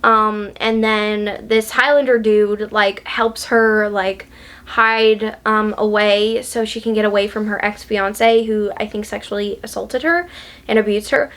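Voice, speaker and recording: A woman's voice: medium pitch, fairly even intonation, a little slow, fairly bright tone. A woman book vlogger in a casual chat, gushing and chatty, with lots of ums and likes.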